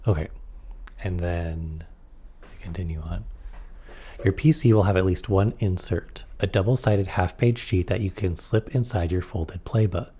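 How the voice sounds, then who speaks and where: A man's voice: deep voice, measured pace, dark tone, slightly rough. A man reading aloud through a tabletop game rulebook and adding casual comments on the rules. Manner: reads rules aloud, then comments offhandedly.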